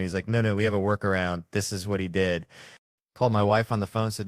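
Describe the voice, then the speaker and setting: A man's voice: lowish voice, steady tone, quick pace, dry recording, studio quality. A man telling profane, rambling comic stories and voicing the people in them. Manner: profane, rambling anecdotes with voiced quotes. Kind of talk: stand-up storytelling.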